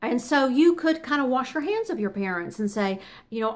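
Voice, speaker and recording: A woman's voice: high-pitched, animated, normal speed, few pauses. A woman leading a Bible study, reading scripture aloud and explaining it in an earnest, conversational way.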